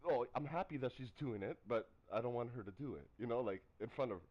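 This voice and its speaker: A man chatting casually on a live stream, telling stories in an animated way and acting out what people said. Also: medium pitch, fast, lo-fi sound. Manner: animated storytelling, acts out quotes. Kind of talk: casual chat.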